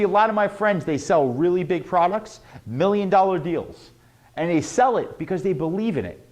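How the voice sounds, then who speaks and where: Brief: male sales trainer, higher-pitched voice with lively swoops, punchy and emphatic. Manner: animated, emphatic, repeats key words. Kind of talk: motivational sales lesson.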